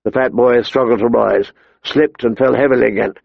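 A male narrator reads a story in a steady, measured way, his voice carrying a gravelly, creaky texture. The recording is very dry and slightly dull, as if close-miked in a treated booth. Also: medium pitch, dry recording. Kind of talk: audiobook narration.

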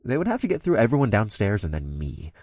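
A young man reads a first-person audiobook in a somewhat low voice. His delivery is easygoing and lightly amused. The recording is dry and close, with no room sound. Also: wildly swooping pitch, quick pace, a little mellow, dry recording. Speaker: audiobook narrator. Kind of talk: first-person scripted narration.

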